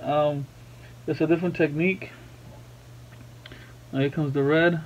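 Chatty, playful dad hosting an art tutorial from home; voice sits slightly high, sound a little muffled. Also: male voice, fairly even intonation, measured pace, a little hiss or hum. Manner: chatty, playful, breaks off to talk to his baby. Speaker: art tutorial host and father. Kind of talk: casual drawing tutorial narration. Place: at home at a drawing table.

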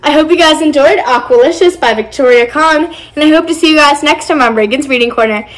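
A young female host reading a children's picture book aloud in an expressive, sing-song way. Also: high-pitched, a little fast, echoey room, low-quality recording. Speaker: read-aloud channel host.

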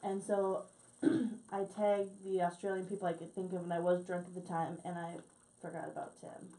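A woman's voice: lowish voice, level tone, normal speed, mellow, rough recording. A woman co-hosting a podcast with teasing, playful banter at a studio mic. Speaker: podcast co-host. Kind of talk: casual podcast chat.

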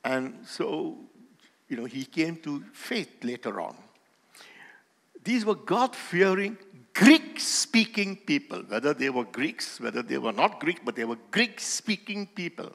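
A man preaching a sermon as pastor, with emphatic, slowly stressed phrases that swell in volume. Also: on the high side, very animated, gravelly, a bit bright. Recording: long hall reverb.

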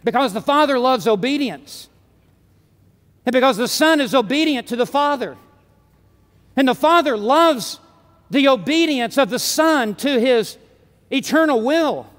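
Emphatic high-voiced male preacher in a hall. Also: lively intonation, unhurried, pauses often. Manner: emphatic, building to forceful declarations. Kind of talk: conference sermon. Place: large conference hall.

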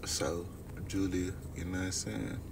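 A young man with a gravelly, creaky voice, talking straight to his viewers during a late-night livestream. He tells his stories in a loose, rambling way. The sound comes from a phone set a little way off, with a faint hum behind him. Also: low-pitched, steady tone, a little slow, recorded from a distance. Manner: loose, storytelling, talks straight to chat.

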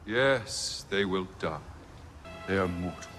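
A man's voice: low-pitched, animated, takes it slowly, over music. A cold, haughty elf king. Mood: disdainful. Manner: cold, disdainful. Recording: film audio played from a distance, with score.

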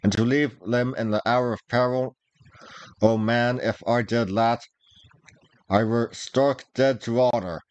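A man's voice: mid-range voice, fairly even intonation, measured pace, no room sound, close to an everyday voice. A man reading aloud, voicing a proud, hot-tempered young male outlaw archer in old-fashioned speech. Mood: earnest. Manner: archaic, old-fashioned speech, forceful outbursts.

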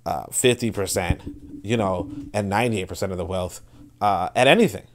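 A man hosting a podcast, talking through ideas in casual spoken commentary, rambling with many restarts and fillers and breaking into animated bursts. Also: sits low, normal speed. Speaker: podcast host.

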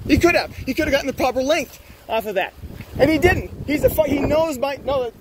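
A man with a strikingly high voice berates officials at a harbor, angry and accusatory. He swears freely and talks over everyone. Faint wind noise sits under his voice. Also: expressive, brisk. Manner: angry, accusatory, profane, shouting. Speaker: boat owner confronting officials. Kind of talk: heated confrontation, filmed. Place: outdoors at a harbor.

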